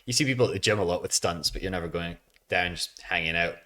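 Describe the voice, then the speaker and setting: A man hosts a casual comedy podcast. His voice sits on the low side, and his manner is easygoing and teasing. He laughs readily along with his guest. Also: quick pace, pushed and bright. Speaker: podcast host.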